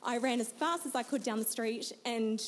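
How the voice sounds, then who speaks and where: A woman's voice: on the high side, normal speed, a little hiss or hum. New woman sharing her testimony. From New Zealand. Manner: earnest, emotional storytelling with frequent laughs. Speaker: guest. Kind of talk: personal testimony in an interview.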